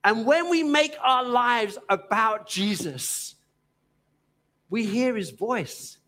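A man with a Cockney accent from East London preaching a sermon in an earnest, gently emphatic way, pausing often. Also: extremely high pitch, lively intonation.

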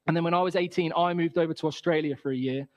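A man tells a personal story to a gathering in a relaxed, chatty manner, acting out the other people's lines. His voice sits a little higher than most men's. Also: quick pace. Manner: casual, chatty, with fillers and acted-out quotes.

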